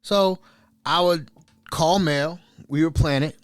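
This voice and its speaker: Animated man telling stories. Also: mid-range voice, normal speed, dry recording. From Ohio, US. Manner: animated, laughing often, chatty. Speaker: podcast host. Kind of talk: casual storytelling.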